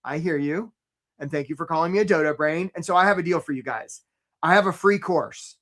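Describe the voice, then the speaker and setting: A man hosting a live career webinar, chatty and energetic, tagging his points with "right?" and calling out attendees by name. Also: fairly high pitch, brisk. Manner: chatty, rhetorical "right?" tags, shout-outs to attendees.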